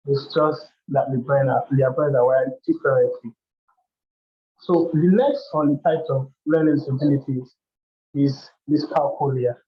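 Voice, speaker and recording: A man's voice: a little high, slight background noise. A man hosting a workshop, explaining topics step by step in a loose way with frequent restarts. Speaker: workshop host. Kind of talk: educational talk. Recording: dull lo-fi sound.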